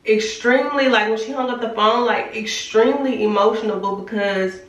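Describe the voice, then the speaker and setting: A young woman vlogger, her voice a little high and her pace moderate, is recorded from a distance and off the mic with roomy echo. She tells her faith story candidly and chattily, as a casual testimony filled with fillers.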